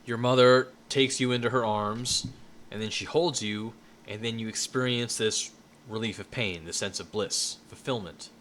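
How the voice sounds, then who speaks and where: A man's voice: mid-range voice, moderate pace, fairly bright tone, a little hiss or hum. A man giving an informal lecture in a loose, conversational way, often checking in with "right?" and restarting his sentences.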